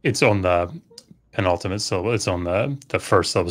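Lower-voiced scholarly man explaining. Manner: explanatory, many "um" fillers, measured. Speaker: scholar guest. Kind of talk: casual expert explanation.

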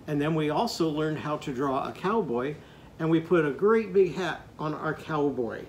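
A man's voice: fairly high pitch, animated, moderate pace, slight background noise. A man teaching a children's phonics lesson in a playful, sing-song way, leading the listeners in call-and-response chants. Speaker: literacy teacher.

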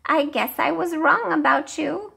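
A woman voicing a kind, gentle old woman in a storybook read-aloud, speaking softly and reassuringly. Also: high-pitched, a little slow, creaky, pitched above the performer's own voice, exaggerated voice. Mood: sad.

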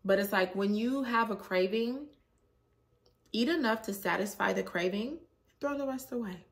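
A woman, chatting casually in a vlog with a sore throat, animated and laughing often. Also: medium pitch, moderate pace. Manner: animated, laughs often, acts out her own reactions. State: sore throat after a cold. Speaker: vlogger.

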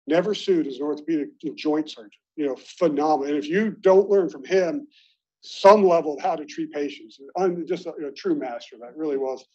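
A middle-aged man from Baltimore speaks to a room of old colleagues, sharing warm, self-deprecating anecdotes in a loose conversational manner. His voice is a touch high and husky. The recording sounds dull and lo-fi. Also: brisk. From Baltimore, United States. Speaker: alumni meeting speaker.

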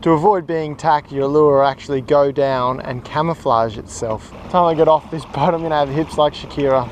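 A man's voice: on the high side, normal speed, few pauses, slight background noise. A young man with an Australian accent giving chatty, joking commentary while fishing outdoors on the water. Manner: chatty, joking, self-mocking. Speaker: fishing vlogger. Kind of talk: casual running commentary. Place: outdoors on open water on a small raft. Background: music.

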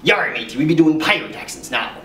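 A man putting on a pirate voice, playing a gruff pirate teaching math. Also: fairly high pitch, expressive, fairly quick, fairly bright tone, slight background noise. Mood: swaggering. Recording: echoey room from far off.

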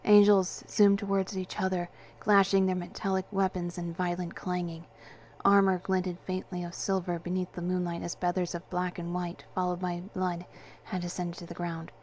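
A woman narrating a story in the first person, in a measured, steady voice. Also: fairly low pitch. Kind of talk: storybook reading.

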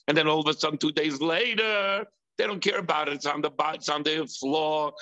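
A man's voice: expressive, fairly quick, bright, forceful tone. A man preaching a sermon, asking rhetorical questions with emphasis. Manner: acts out impulsive voices in a high whiny pitch. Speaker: rabbi teaching.

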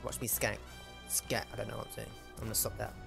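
Chatty young gamer. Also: male voice, on the low side, level tone, fast, creaky, over music. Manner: chatty, self-mocking, talking to the game. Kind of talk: casual gameplay commentary.

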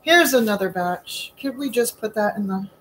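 A woman's voice: mid-range voice, lively intonation, normal speed, fairly bright tone, slight background noise, poor audio. Chatty woman baking at home. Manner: chatty, asks rhetorical questions, calls viewers honey and sweetie. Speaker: home baker and host. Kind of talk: chatty live baking demo.

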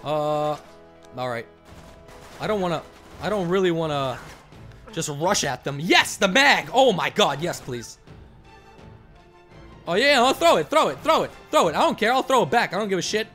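A man talks over his gameplay in a high, animated voice that leaps up and down. He reacts loudly and curses freely as he commentates. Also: normal speed, long pauses, soft background music. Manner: excitable, loud outbursts and cursing. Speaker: gaming commentator. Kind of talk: casual let's-play commentary.

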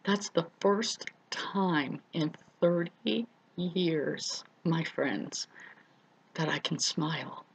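A middle-aged woman draws out her words in a low, breathy voice as she tells her own story in an earnest vlog. She talks to viewers like friends and repeats words for emphasis, and the recording is rough.

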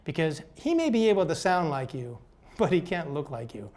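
A man's voice: on the high side, sing-song, moderate pace, a little mellow. A man voicing his exasperated wife scolding her husband. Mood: firm.

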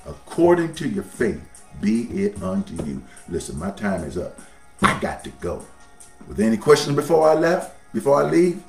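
A man's voice: on the low side, big pitch swings, normal speed, creaky, darkish tone, roomy sound, far from the mic, soft background music. A man preaching a sermon as pastor, folksy, his voice swelling up and dropping down.

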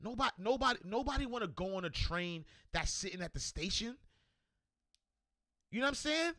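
Male host, high and tense voice, animated and slangy, dry close-miked sound. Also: fairly quick, dry recording. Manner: animated, repetitive, slangy, shouts out viewers. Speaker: show host. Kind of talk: motivational livestream talk.

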